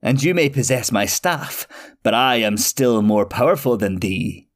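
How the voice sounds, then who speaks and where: A man voicing a powerful but gentle witch in a storybook, speaking in measured tones. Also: mid-range voice, expressive, lightly acted. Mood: calm. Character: powerful witch, calm and kindly.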